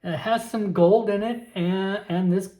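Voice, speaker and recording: A man voicing a grieving middle-aged aunt, speaking in a soft, slightly higher, hesitant way. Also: fairly even intonation, a little slow, echoey room. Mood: gentle.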